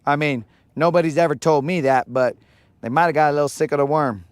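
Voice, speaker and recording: A man's voice: a little high, fairly quick, clean tone, no room sound. A man hosting a live fishing vlog outdoors on a lake, with playful, hyped banter full of Spanish slang. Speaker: angler, channel host.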